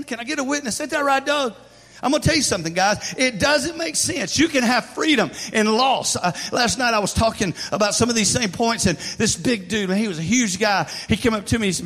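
A male pastor delivers an impassioned sermon in a somewhat high voice. He surges into loud declarations, then drops to hushed, intimate moments. Long reverb trails behind him from the church hall.

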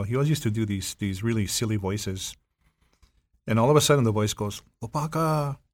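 A man in his fifties from Hawaii, with a Hawaiian Pidgin-tinged accent, telling a story in a casual, animated way. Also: fairly low pitch, no echo. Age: 50s. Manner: animated, acts out voices in stories. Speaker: guest storyteller.

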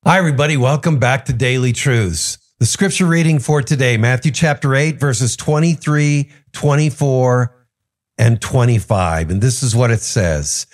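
A man's voice: mid-range voice, normal speed. A man preaching a daily devotional sermon in an earnest, conversational way, often asking the listener questions.

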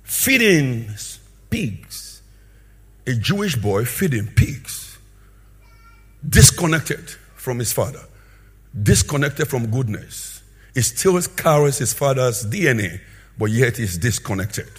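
A man preaching a sermon with a husky voice, swinging between loud emphatic bursts and quieter asides. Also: mid-range voice, very animated, slow.

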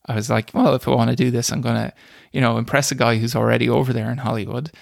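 A man's voice: mid-range voice, steady tone, fast talker, gravelly, no echo, clean studio sound. A young man, a screenwriter and podcast guest, telling self-deprecating stories in a casual chat and laughing as he goes. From Ireland. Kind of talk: casual storytelling interview.

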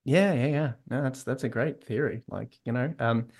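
A man's voice: mid-range voice, normal speed, darkish tone. A man hosting a podcast in casual chat, rambling, with many restarts. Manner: rambling, lots of restarts, reads scripts aloud. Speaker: podcast host.

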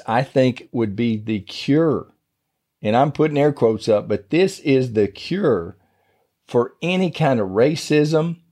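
A middle-aged man delivers an informal podcast sermon in a mellow, warm voice. His manner is folksy and conversational, with loose everyday grammar, as though he is talking across a kitchen table. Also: medium pitch. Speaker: podcast preacher.

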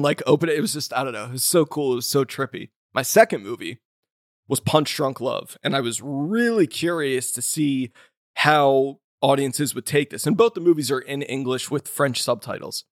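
A man's voice: mid-range voice, animated, moderate pace, no echo, studio quality. A man co-hosting a podcast in casual chat, rambling loosely with lots of filler words and the odd swear. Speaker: podcast co-host.

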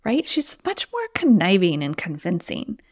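A woman's voice: on the low side, wildly swooping pitch, a little slow, no echo, clean studio sound. A woman hosting a solo podcast as a weight loss coach, talking in an encouraging, conversational way and sometimes acting out inner voices.

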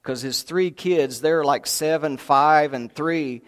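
A folksy preacher delivers a sermon laced with funny stories in a church sanctuary, doing character voices and chuckling as he goes. He's a man with a slightly high voice who takes his time.

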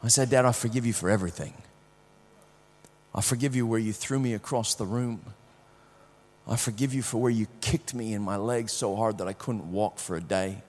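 A man preaching a sermon, telling a personal story with strong swings from hushed to loud, often repeating words as he starts sentences. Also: lowish voice, moderate pace, big-room sound.

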